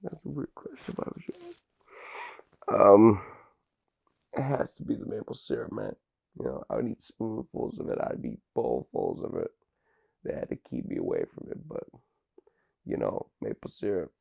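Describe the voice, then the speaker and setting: A man playing a dim, washed-up crunk rapper who rambles through an interview, filling every pause with fillers. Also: sits low, huge pitch swings, gravelly, a little mellow, breathy edge, full character voice. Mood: rambling.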